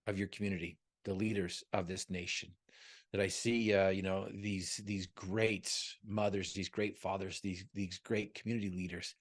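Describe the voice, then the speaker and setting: A man giving a motivational talk as a guest speaker on a video call, joking and telling stories in an earnest, upbeat way. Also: deep voice.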